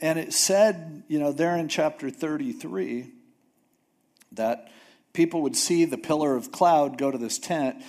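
A man preaching a sermon, retelling a Bible story in a casual, animated way with jokes and acted-out voices. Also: fairly high pitch. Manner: animated storytelling, acts out characters with jokey asides. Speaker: pastor.

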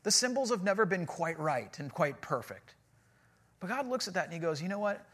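A man's voice: fairly high pitch, very animated, normal speed, a bit bright, husky. A man in his forties preaching a sermon in a casual, storytelling way with self-deprecating humor. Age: 40s. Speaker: pastor.

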